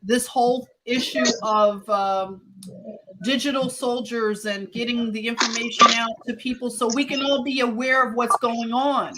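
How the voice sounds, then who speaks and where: A woman's voice: fairly high pitch, fairly even intonation, moderate pace, a bit bright, slight background noise. A woman hosting a live stream, reading news articles aloud and commenting on them in a chatty way. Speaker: host.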